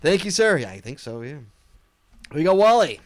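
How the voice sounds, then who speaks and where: A man's voice: a little high, very animated, fairly quick, no room sound. A man co-hosting a casual podcast, joking and laughing as he opens the listener emails. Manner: laughing, playful, reads emails aloud. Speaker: podcast co-host.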